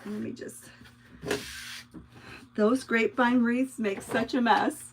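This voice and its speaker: A woman's voice: fairly high pitch, steady tone, slow pace, slight background noise, low-quality recording. A middle-aged woman hosting a craft livestream, chatting casually and telling rambling stories to her viewers while she works. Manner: chatty, rambling storyteller, talks to viewers by name.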